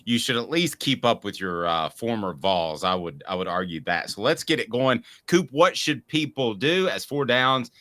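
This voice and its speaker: A man's voice: medium pitch, expressive, normal speed, few pauses, pushed and bright. A man hosting a casual sports talk show, upbeat and steering the chat with questions to his co-host.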